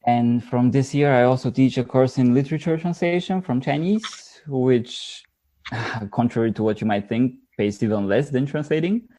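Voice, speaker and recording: A man from Bulgaria with a Bulgarian accent, a literary translator chatting as a podcast guest in a relaxed, wry way. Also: medium pitch, moderate pace. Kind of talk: casual podcast chat.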